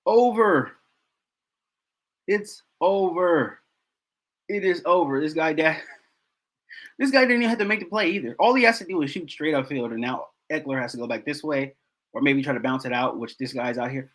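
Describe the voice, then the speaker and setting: A man's voice: fairly high pitch, lively intonation, a little fast, a bit bright, low-quality recording. A man hosting a football film breakdown, talking casually and repeating himself in exasperation.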